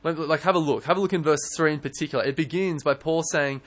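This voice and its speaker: A young man preaching a sermon in church, earnest and animated, often restarting his words. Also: fairly high pitch, fast talker. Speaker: pastor.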